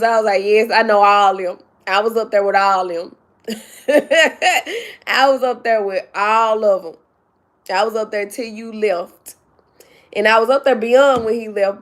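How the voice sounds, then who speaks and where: A woman chatting on her livestream, emphatic and tearful with joy, calling her viewers "baby" and "y'all". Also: on the high side. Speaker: YouTube vlogger. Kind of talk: casual livestream chat.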